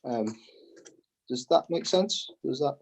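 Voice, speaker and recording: Husky man explaining a craft, with hiccups. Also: mid-range voice, lively intonation, takes it slowly, poor audio. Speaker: kite builder demonstrating. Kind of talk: step-by-step craft instruction.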